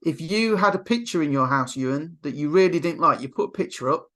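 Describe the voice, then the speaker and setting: Animated man coaching on mindset. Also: on the high side, a little fast. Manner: animated storyteller, acts out quotes. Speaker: NLP coach. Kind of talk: motivational webinar talk.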